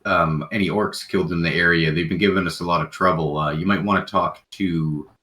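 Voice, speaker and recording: A man's voice: low-pitched, steady tone, a little fast, sharp tone. A man voicing an old female shopkeeper, chatty and shrewd, with lots of hesitant ums.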